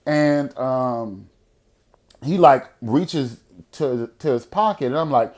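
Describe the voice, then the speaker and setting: A man hosting a podcast, telling a story in a casual, profane way, swinging from loud outbursts to hushed moments. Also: medium pitch, slow pace. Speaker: podcast host.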